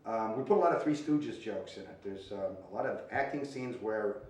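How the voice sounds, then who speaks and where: A man's voice: on the low side, moderate pace, darkish tone, heavy reverb. A man hosting, giving an upbeat informal introduction and speaking straight to fans, recorded from a distant mic. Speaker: host. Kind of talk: casual introduction to camera.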